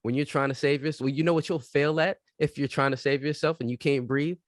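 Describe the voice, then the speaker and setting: A man's voice: fairly high pitch, fast talker, no room sound, clean studio sound. A man co-hosting a podcast, telling stories in a casual, emphatic and profane way. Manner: animated storytelling, emphatic and profane. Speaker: podcast co-host. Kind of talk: casual chat.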